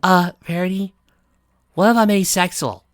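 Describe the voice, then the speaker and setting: A woman's voice: lowish voice, moderate pace, no echo, clean studio sound, voice pushed up, natural voice. A woman voicing a bookish young mare unicorn who sounds hesitant and flustered. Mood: unsure.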